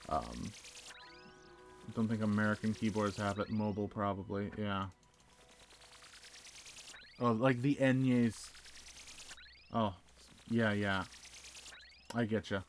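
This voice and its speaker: Rambling chatty male streamer. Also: on the low side. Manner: rambling, chatty, answers chat messages aloud. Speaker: live streamer. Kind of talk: casual chat while gaming.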